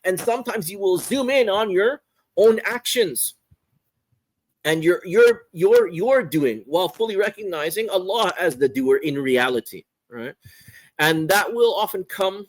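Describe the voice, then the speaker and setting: A man's voice: sits high, expressive, unhurried, low-quality recording. A man explaining a religious text as a teacher, thinking aloud, often repeating and restarting words as he goes. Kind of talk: explaining a theology text in a class.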